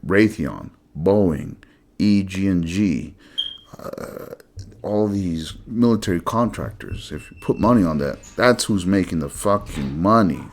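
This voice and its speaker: Man, low voice, slow swearing rant with swooping pitch, blunt host delivery. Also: expressive, a little hiss or hum. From United States. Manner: blunt, profane, emphatic. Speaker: channel host. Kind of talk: solo ranting monologue.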